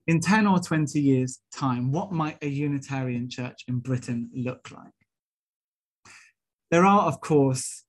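A young Welsh man, a minister-elect, delivering a sermon-style talk with earnest, rhetorical storytelling. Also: mid-range voice. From Wales.

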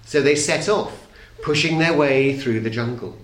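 A middle-aged man reading a children's story aloud to an audience, playful and expressive, dropping very soft for suspense. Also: fairly high pitch, a little slow. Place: talk hall. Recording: echoey hall.

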